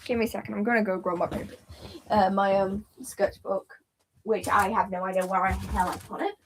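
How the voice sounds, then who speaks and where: A woman's voice: mid-range voice, fairly even intonation, fairly quick, a little hiss or hum. Giggly, rambling British woman-voiced streamer. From Britain. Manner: rambling, giggly, easily sidetracked. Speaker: livestream host. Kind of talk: casual livestream chat.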